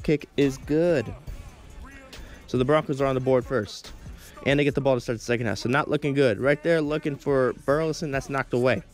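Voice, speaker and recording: A teenage boy doing play-by-play commentary over his football video game, often tripping over his words and apologizing. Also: mid-range voice. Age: teens. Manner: stumbles over words, self-deprecating asides. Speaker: gameplay commentator. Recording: game music in background.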